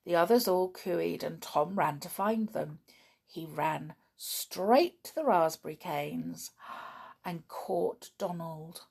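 A woman reading a children's story aloud, in an expressive, unhurried way. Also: on the low side, vocal fry, husky.

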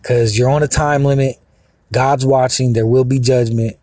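A man's voice: mid-range voice, steady tone, moderate pace, mellow. A man ranting in a rambling, profane, agitated monologue with many fillers. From Mexican heritage. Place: outdoors, sitting in a car.

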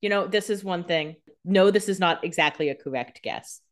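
A woman's voice: on the low side, normal speed. A young adult woman co-hosting a podcast, chiming in with joking, sarcastic asides during a casual TV recap. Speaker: podcast co-host.

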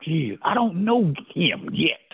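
A man's voice: a little high, very animated, slow, breathy edge. An older man, a former football player, telling his story as an interview guest in an emotional way, repeating his words and exclaiming often. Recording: phone-line call audio.

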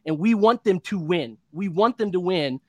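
A man's voice: high voice, lively intonation, normal speed, no echo. A man in his thirties hosting a postgame sports show, venting in an impassioned, repetitive rant. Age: 30s. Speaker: podcast host.

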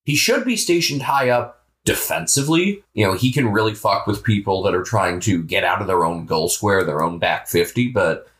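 An American man co-hosting a podcast, talking about football in a relaxed, offhand way with the odd swear. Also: lowish voice, moderate pace, hardly any pauses. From United States. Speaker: podcast co-host. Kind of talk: casual sports chat.

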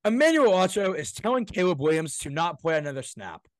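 A young man co-hosting a sports podcast, talking in a heated, ranting way and swearing freely. His voice sits a little high. The sound is dry and close. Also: sing-song, brisk, no echo. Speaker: podcast co-host. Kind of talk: casual sports talk.

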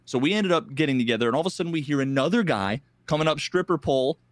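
A man on a podcast, telling a gaming story in a loose, excited way with lots of filler and swearing. His voice sits a little high for a man, and he jumps into quick voices for the other players. The mic is close and dry, with no room sound. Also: dry recording. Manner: animated, quotes people in lively voices, swears freely. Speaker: podcast co-host.

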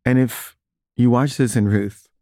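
A man's voice: medium pitch, fairly even intonation, moderate pace, dark tone, no room sound, studio quality. A man who makes films casually tells a self-deprecating anecdote and livens up when he quotes other people. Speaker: filmmaker telling an anecdote. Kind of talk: casual storytelling.

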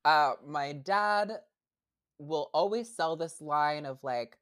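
A woman's voice: deep voice, slow, a bit bright. A young adult woman, a podcast guest, chatting casually with lots of fillers and restarts. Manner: hesitant, many fillers and restarts. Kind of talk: casual interview chat.

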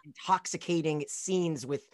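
A male host with a fairly high voice leads the interview with enthusiasm and warm praise for his guest. His voice sounds dry and close, with no room echo. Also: a little slow. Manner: enthusiastic, complimentary. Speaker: podcast host. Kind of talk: casual interview.

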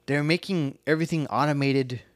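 A man's voice: a little high, fairly quick, dry recording. A man co-hosting a podcast in casual banter. He muses aloud, fills his sentences with "like," and swears freely. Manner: musing, heavy use of "like", profane. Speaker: podcast co-host.

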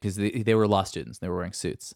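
A middle-aged man with a lowish voice talks loosely as a podcast guest, wandering through his thoughts with plenty of fillers. The sound is dry and close, with no room around it. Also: fast, vocal fry, a little mellow, no room sound. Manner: rambling, self-deprecating, many fillers. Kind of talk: casual interview chat.

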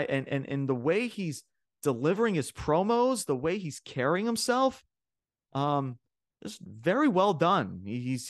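A man's voice: mid-range voice, dry recording, studio quality. A man hosting a wrestling podcast, recapping a show in a casual, rambling way with lots of fillers and restarts.

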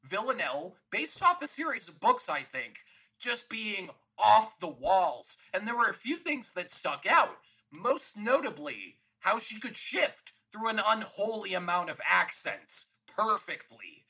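Man, high voice, husky tone, casual movie chat, laughs easily. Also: very animated, a little slow, pushed and bright, low-quality recording. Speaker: podcast co-host.

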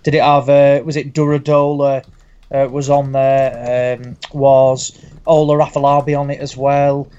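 A man's voice: mid-range voice, level tone, a little slow, warm tone, smooth, muffled recording. A man on a boxing podcast panel, talking hesitantly with lots of ums and uhs. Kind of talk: casual boxing chat.

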